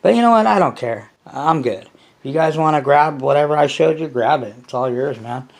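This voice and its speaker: A man's voice: on the high side, animated, normal speed, creaky. A man chatting casually to his viewers as a hobby vlogger, loose and profane, sometimes talking about himself in the third person. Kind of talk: casual rambling chat to viewers.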